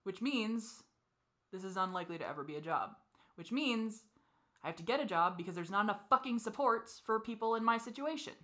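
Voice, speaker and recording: A woman's voice: medium pitch, animated, brisk. Tearful woman venting to camera. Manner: frustrated venting with sighs and soft asides. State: teary, crying. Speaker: vlogger. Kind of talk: personal confessional vlog.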